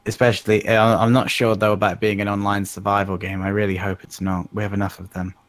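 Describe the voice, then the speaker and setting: A man's voice: fairly low pitch, level tone, quick pace, no room sound. A man on a casual podcast, telling stories and explaining things in detail.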